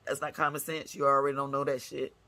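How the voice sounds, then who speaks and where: Hosting her own segment, a woman delivers a blunt, scolding rant packed with cursing. Her bass voice is level and sharp, and she talks fast.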